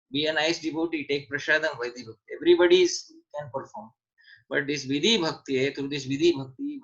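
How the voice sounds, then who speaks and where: Man, seminar teacher, emphatic, repeats key points, bright edge, dull lo-fi online audio. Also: fairly high pitch. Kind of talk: scripture seminar answering questions.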